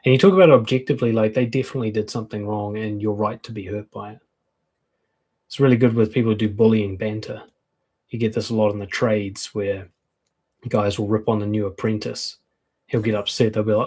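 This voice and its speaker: A man's voice: lowish voice, fairly even intonation, fast talker, a little mellow. A man, a dating and confidence coach, giving frank, conversational advice and acting out quoted comebacks. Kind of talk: casual advice talk to camera.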